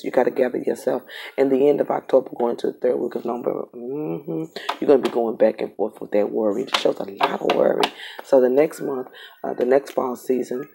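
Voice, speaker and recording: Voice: mid-range voice, creaky, dark tone, breathy edge. A tarot reader giving a casual reading straight to the camera, emphatic and repetitive.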